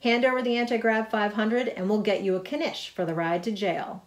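A woman voices a brash teenage superheroine from a storybook, loud and punchy, her pitch raised above her usual. She sounds sure of herself and ready to fight. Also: fairly even intonation, normal speed, natural voice. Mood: bold. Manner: shouting, brash. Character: bold teen superheroine, loud and confident.

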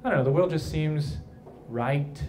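Brief: male priest, casual live talk, playful and chatty, slightly high voice, faint room ambience. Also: moderate pace, mellow, slight background noise. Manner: playful, conversational, keeps asking "right?". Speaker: priest speaking at a young adult event. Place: brewery, live audience.

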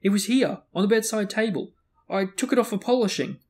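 A man's voice: a little high, moderate pace. A man reading a pompous teenage boy. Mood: angry. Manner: stiff, dignified, self-important.

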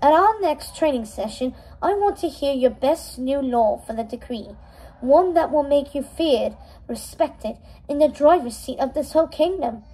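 A woman reading aloud as a flat-toned, commanding queen mother who schools her daughter in power. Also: high-pitched, moderate pace, rough recording. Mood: approving. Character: imperious scheming queen mother, middle-aged woman.

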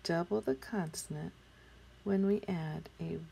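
A patient woman teacher sounds out spelling words for young children, slow and deliberate. Her low, mellow voice has a gravelly, slightly husky edge. She keeps asking the class questions and slips into a whisper now and then. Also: a little hiss or hum. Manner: sometimes drops into whispers while writing.

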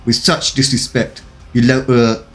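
A man's voice: mid-range voice, flat delivery, measured pace, faint music behind, natural voice. A man voicing a haughty, contemptuous otherworldly male guard who scorns humans, in a fan-fiction story reading. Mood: scornful.

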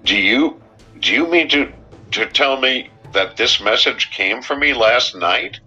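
A man's voice: low-pitched, lively intonation, slow pace, bright, forceful tone, breathy edge, voice pushed up, heavily acted. A male narrator voicing a shaken sheriff who stammers and breaks off as he speaks. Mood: distraught. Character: shaken middle-aged sheriff, distraught and faltering. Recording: dull, muffled recording with faint music.

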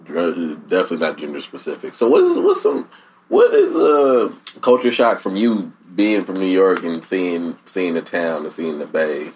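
A man's voice: low voice, wildly swooping pitch, normal speed, darkish tone, slight background noise. A man with a Bay Area accent hosting a casual podcast, slangy and laughing often. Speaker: podcast host.

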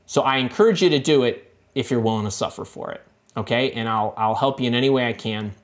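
A middle-aged man hosting a live career-coaching stream, answering viewer comments in an animated, emphatic way with frequent repeated words and restarts. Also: mid-range voice, quick pace.

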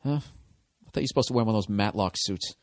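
A middle-aged man hosting a podcast, delivering a profane, sardonic comedic rant that swings from low mutters to loud outbursts into a close microphone. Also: fast, no room sound. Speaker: podcast host.

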